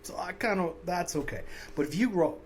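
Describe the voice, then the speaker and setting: A man's voice: high-pitched, lively intonation, brisk, a little hiss or hum. A man co-hosting a comedy podcast, talking loosely and swearing often, with lots of fillers. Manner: loose, profane, rambling with many fillers. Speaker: podcast co-host. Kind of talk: casual comedic chat.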